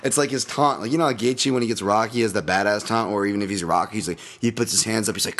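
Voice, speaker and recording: A man hosting a solo podcast, breaking down upcoming fights in a rambling, animated and profane way. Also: lowish voice, fast talker, hardly any pauses. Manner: animated, rambling, profane, laughs at own bits. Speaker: MMA fight analyst podcast host.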